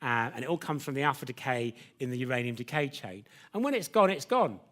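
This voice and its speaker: A man's voice: mid-range voice, lively intonation, fast talker, a bit bright. A man presenting a live science demonstration lecture, chatty and jokey, teasing his assistant. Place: lecture theatre with audience.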